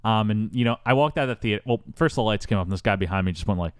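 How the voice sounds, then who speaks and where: A man hosting a podcast, telling a story in a mock-grandiose, animated way in casual chat. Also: on the low side, rapid-fire, smooth, no echo, studio quality. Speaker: podcast host.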